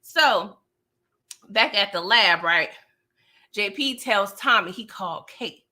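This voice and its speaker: A woman's voice: medium pitch, expressive, slow, sharp tone. A woman hosting a casual livestream recap of a TV show, chatting in slangy, playful talk and laughing often.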